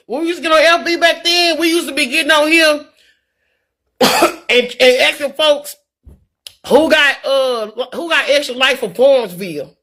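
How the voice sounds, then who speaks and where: Very high-voiced woman preaching to her viewers. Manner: animated, preachy, folksy storytelling. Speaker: vlogger. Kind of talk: casual talk to camera.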